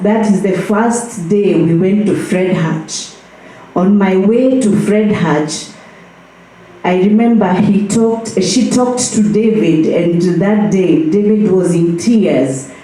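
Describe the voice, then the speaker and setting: A woman's voice: mid-range voice, slow pace, dark tone. A woman giving a personal tribute at a memorial, telling her story with some hesitation. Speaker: memorial speaker. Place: church hall. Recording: echoey hall, far from the mic.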